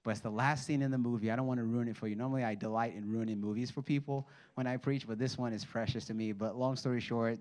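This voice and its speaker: A young adult male pastor giving a casual, animated sermon, often repeating and restarting words as he tells stories. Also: fast. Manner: animated, rises high when acting out stories.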